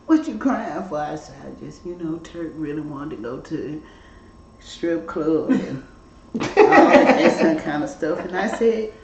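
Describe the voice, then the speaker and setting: A woman's voice: sits low, a little slow, highs cut off, noisy background. A woman, a grieving mother telling a story in a casual group conversation, laughing often as she talks. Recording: roomy, distant mic, group around.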